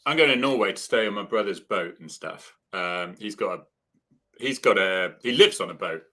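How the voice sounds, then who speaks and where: A man chatting over a video call with an old friend. His voice is bright and sharp, and it rises and falls a lot as he teases and tells stories. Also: low-pitched, normal speed. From Cornwall, England. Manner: lively, teasing banter. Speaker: co-host. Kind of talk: casual chat.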